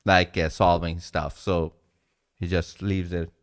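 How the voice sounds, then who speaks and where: A man's voice: low voice, flat delivery, takes it slowly. A man hosting a reaction video, giving casual commentary and thinking aloud. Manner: loose, thinking aloud with fillers.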